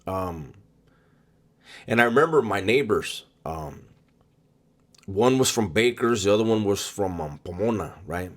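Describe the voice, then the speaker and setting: A man casually recounting a personal story, halting often with ums and repeated words in an unhurried, conversational delivery. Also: fairly low pitch, animated. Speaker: storyteller recounting prison experiences.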